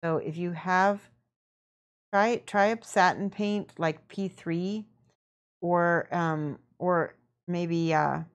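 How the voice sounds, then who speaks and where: A young woman casually explaining her painting as she works, chatty and relaxed, answering her viewers and laughing often. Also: on the low side, slow pace. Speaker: miniature painting streamer. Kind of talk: casual painting tutorial chat.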